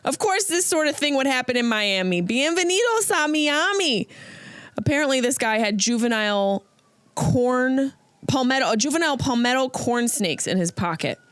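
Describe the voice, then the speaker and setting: A woman's voice: sits high, big pitch swings, moderate pace, fairly bright tone, clean tone, no room sound. A woman comedian hosting her podcast, riffing through a comedic monologue and slipping into silly voices.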